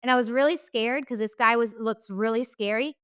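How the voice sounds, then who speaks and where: A woman's voice: fairly high pitch, brisk, a bit bright, clear, resonant tone, dry recording, clean studio sound. A young woman candidly recounting her own story in an interview, swearing freely and acting out what others said. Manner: candid, swears freely, acts out quoted voices. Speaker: guest telling her life story.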